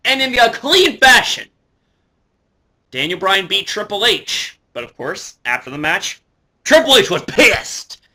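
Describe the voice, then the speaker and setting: A young man talking excitedly to camera as a wrestling fan, swearing freely and shouting in his most excited moments. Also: high voice. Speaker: wrestling vlogger.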